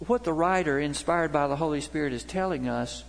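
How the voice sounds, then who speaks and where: This is a middle-aged man delivering a sermon, a storytelling preacher whose voice rises and drops. His pitch is fairly high and creaky, and his pace is a little fast. He's in a church sanctuary, with the long echo of a large hall.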